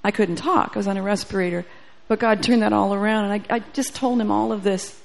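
Gravelly-voiced woman preaching a testimony. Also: medium pitch, steady tone, fast talker. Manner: storytelling, acts out dialogue, grows fervent. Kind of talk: sermon testimony.

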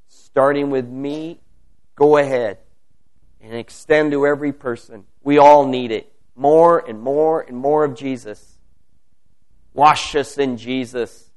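A man leading a spontaneous spoken prayer, fervent and repetitive in his petitions. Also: mid-range voice. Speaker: prayer leader.

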